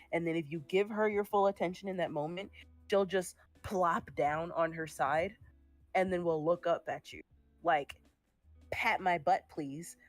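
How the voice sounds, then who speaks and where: Chatty young woman, low voice, dry sound. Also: darkish tone, no room sound. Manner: chatty, laughing, swearing casually. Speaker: streamer making art. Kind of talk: casual chat while drawing.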